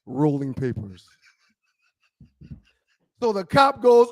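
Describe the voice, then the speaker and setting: A man co-hosting a talk show, telling an animated story and acting out a shouting cop. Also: sits high, fairly quick, no room sound. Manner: acts out a cop's voice, loud and shouting.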